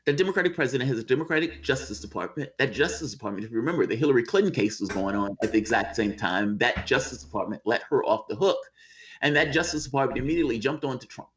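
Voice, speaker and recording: A man's voice: mid-range voice, expressive, quick pace, a bit bright. Emphatic man on a lo-fi call. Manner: emphatic, profane, argumentative. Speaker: guest. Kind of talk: casual political chat.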